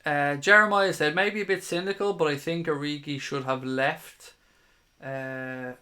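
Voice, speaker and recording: A man's voice: a little high, steady tone, a little slow, pushed and bright, clear, resonant tone. A man in his thirties hosting a live stream, casually reading viewer comments aloud in a chatty, matey way and swearing now and then. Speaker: fan channel host.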